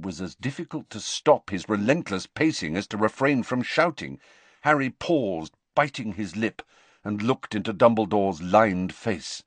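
A man narrating a novel aloud with an expressive, varied delivery. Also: on the low side, unhurried, dry recording. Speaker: audiobook narrator. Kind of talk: scripted narration.

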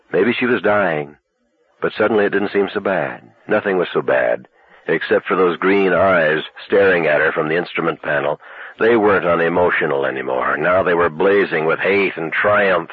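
A man narrating a novel as an audiobook in a steady, measured way. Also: deep voice, slightly rough. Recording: tinny narrow-band recording.

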